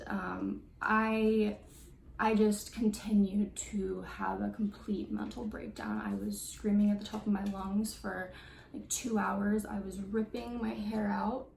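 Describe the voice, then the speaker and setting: A young woman in her twenties tells a story to camera, her voice carrying a gravelly vocal fry. She talks casually, with many fillers. The room is echoey, with faint background noise. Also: medium pitch, a little mellow. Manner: chatty, lots of fillers and likes. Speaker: vlogger. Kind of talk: story time vlog.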